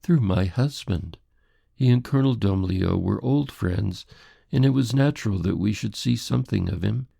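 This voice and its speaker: A haughty society lady in an audiobook, prim and defensive, her voice lifted well above the deep gravelly tone of the man reading her. She speaks formally and with indignation. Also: normal speed, dark tone, no room sound, clean studio sound, exaggerated voice.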